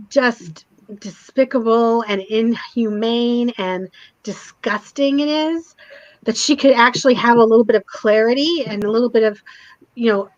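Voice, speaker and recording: A woman's voice: on the high side, no echo. A woman co-hosting a casual chat, animatedly and emotionally retelling a TV episode. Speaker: co-host. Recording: dull lo-fi stream audio.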